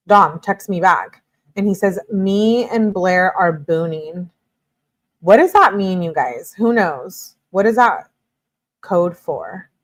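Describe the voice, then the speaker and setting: Lower-voiced woman reading texts aloud. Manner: plain read-aloud delivery broken by exasperated asides. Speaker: true-crime commentary host. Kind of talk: reading text messages aloud with commentary.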